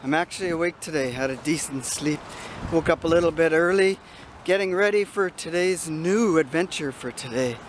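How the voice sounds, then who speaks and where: A man's voice: a little high, normal speed. An older man rambling casually as he vlogs with a handheld camera outdoors in a city. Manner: rambling, chatty, sidetracked. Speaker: vlogger. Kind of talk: casual vlog narration. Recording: noisy outdoor camera audio.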